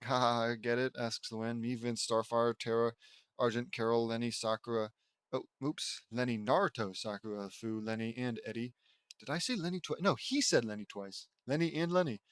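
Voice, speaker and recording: A man's voice: medium pitch, smooth, no room sound. A man reading a fan fiction aloud as a comedy, breaking off for exasperated, sarcastic remarks. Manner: exasperated, sarcastic asides and quick mock voices. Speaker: reader mocking a fan fiction.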